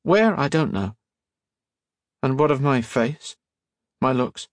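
A man voicing an earnest, shy young man who speaks in a hesitant, halting way. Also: mid-range voice, expressive, no echo, pitched above the performer's own voice.

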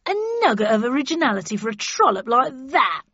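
A woman's voice: on the high side, lively intonation, quick pace, fairly bright tone, breathy edge, no echo. A woman putting on a sneering male bystander in a storybook reading. He speaks with open scorn. The recording is dry and dull.

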